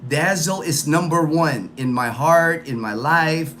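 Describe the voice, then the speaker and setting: A man's voice: a little high, unhurried, a bit bright, slight background noise. Rambling man on a livestream. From United States. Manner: rambling, repeats phrases, many fillers. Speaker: livestream host. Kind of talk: casual livestream chat.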